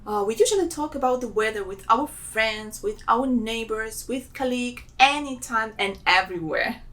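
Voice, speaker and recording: Russian woman, language teacher, bright higher voice, careful slow drills, online lesson.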